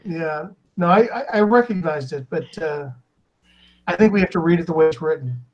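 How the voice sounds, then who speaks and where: A man with a high voice hosts a casual live drawing stream. He reads the chat aloud in a loose, chuckling way and trips over the usernames. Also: normal speed, dull audio. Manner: reads viewer comments aloud, chuckling, stumbling over names.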